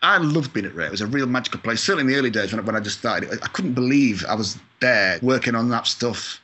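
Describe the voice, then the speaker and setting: Chatty Scottish-born man, quick and bright. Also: medium pitch, lively intonation. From Scotland. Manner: chatty, self-deprecating, mild swearing, many fillers. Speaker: video game composer, guest. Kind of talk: casual interview chat. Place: lives in California.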